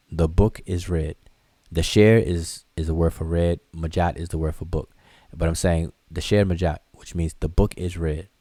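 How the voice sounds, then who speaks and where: A man's voice: deep voice, warm tone, dry recording. A man teaching a live online class, explaining loosely and conversationally with frequent restarts and fillers as he answers viewer questions. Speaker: hieroglyphics teacher.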